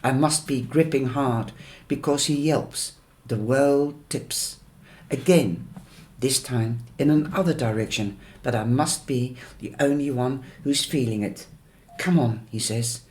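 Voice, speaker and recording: A man reading a first-person novel aloud as an audiobook narrator, in a measured, deliberate way. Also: mid-range voice, steady tone, a little mellow. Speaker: audiobook reader.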